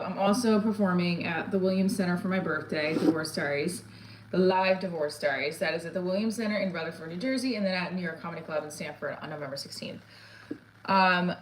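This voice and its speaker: A woman's voice: on the low side, fairly bright tone, slight background noise. A middle-aged woman, a comedian, chatting casually on a livestream, rambling and reading viewer comments aloud.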